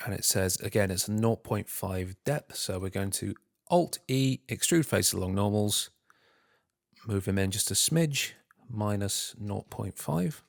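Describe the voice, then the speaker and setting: A man talking himself through a software tutorial, muttering and humming filler sounds between steps and calling himself an idiot. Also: fairly low pitch, expressive, measured pace, gravelly, no room sound, studio quality. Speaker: tutorial host. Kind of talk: screen-recorded software tutorial.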